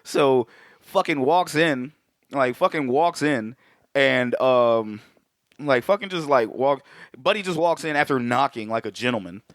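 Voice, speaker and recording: Podcast dude, swears a lot, middle pitch, dry close sound. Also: male voice, measured pace, dry recording. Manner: profane, animated retelling with quoted voices. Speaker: podcast co-host. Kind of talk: casual movie chat.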